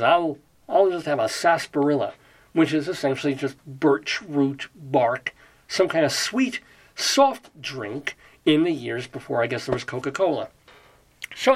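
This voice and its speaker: A man hosting a casual show about dictionary words, rambling, joking and thinking aloud as he reads definitions. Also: fairly high pitch. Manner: chatty, digressive, jokey, thinks aloud while reading definitions. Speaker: host of a dictionary word show.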